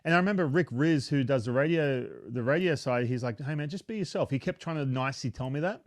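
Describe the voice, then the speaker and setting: A talkative Australian man in his thirties, relaxed and self-deprecating as he chats through an interview. His voice sits at an ordinary male pitch and sounds dry and close, with no room around it. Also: quick pace, dry recording. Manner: self-deprecating, chatty, frequent restarts. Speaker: retired pitcher, baseball analyst. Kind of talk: casual interview chat. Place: home basement.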